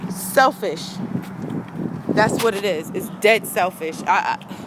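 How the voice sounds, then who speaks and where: A woman's voice: medium pitch, takes it slowly, noisy background. A woman, a vlogger in an angry rant to her viewers, heated, profane and repeating herself.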